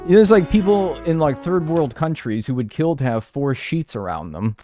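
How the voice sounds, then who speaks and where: Rambling profane young man, lively pitch. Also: normal speed, faint music behind. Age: 20s. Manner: rambling, profane, drops to mumbles. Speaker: streamer. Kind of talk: casual chat while gaming and reading chat.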